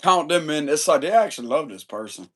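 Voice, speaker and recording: Man, fairly high voice, casual tarot reader, slangy and profane, quick to chuckle. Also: expressive, slightly rough. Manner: loose, profane, slangy chat; chuckles often.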